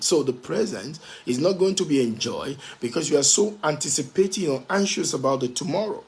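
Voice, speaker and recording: A man's voice: a little high, darkish tone. Emphatic man giving a motivational talk. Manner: emphatic, repeats key phrases for stress; spells out words letter by letter. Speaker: motivational speaker.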